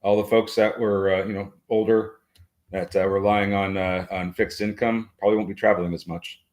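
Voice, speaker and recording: A man co-hosting a stock market show, giving his views in a halting way with many fillers and dry joking asides. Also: lowish voice, little pitch movement, a little mellow. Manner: halting, many fillers and restarts while thinking aloud. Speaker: co-host and market commentator. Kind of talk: casual market chat.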